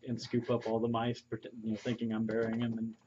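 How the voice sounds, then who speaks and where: A man's voice: mid-range voice, completely flat delivery, dark tone, a little hiss or hum. Guy playing a tabletop game, mid-range voice, keeps repeating himself, muffled lo-fi recording. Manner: halting, repeats words. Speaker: player. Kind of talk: casual tabletop game chat.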